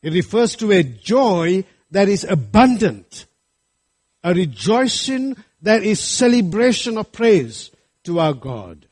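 A man's voice: high voice, a little mellow, husky. Earnest man preaching a sermon. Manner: earnest, rising to fervent appeals. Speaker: pastor.

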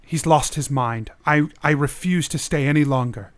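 A resolute mother speaks flat and firm, as a man voices her. Her tone is clipped and cold. It is a fantasy tabletop role-play. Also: fairly high pitch, moderate pace, lightly acted. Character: stern woman, a mother who left her husband, cold and resolute.

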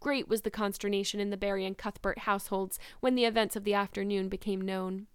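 Woman reading a novel aloud, expressive, crisp voice, dry sound. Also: medium pitch, quick pace, no room sound. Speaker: reader of a novel. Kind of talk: storybook narration and commentary.

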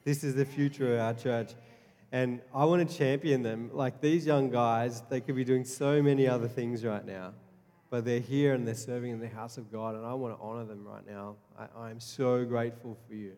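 A man's voice: mid-range voice, steady tone, moderate pace, warm tone. A man preaching a sermon as pastor, earnest and repeating his key lines, stumbling and restarting often. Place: church hall. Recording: long reverb of a church hall.

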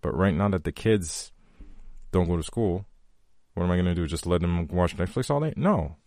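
A man in his thirties with a very low voice hosts a motivational podcast, talking earnestly to his listeners. He repeats key phrases for weight, and the recording is dry and close. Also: lively intonation, normal speed, darkish tone, dry recording. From from a country with long power outages. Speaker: podcast host.

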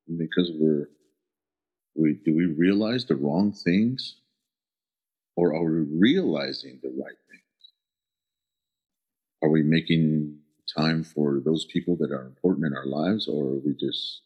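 Middle-aged man from the American Southwest, interview guest, very deep voice, earnest and halting, dull lo-fi recording. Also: husky. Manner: earnest, halting, searching for words. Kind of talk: reflective personal storytelling.

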